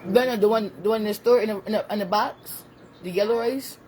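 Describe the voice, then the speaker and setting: A woman talks loosely and at length to her live-stream viewers, drifting between topics and a small child beside her. Her voice sits in an ordinary middle pitch. A clear, steady noise runs under her speech throughout the stream. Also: quick pace, poor audio. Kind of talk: casual live-stream chat.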